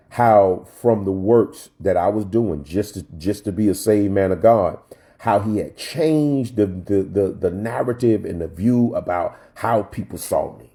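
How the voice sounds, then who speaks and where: A male pastor with a mellow, dark voice, preaching in church. He tells a personal story with repeated phrases and climbs into fervent, high-pitched preaching. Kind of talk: sermon.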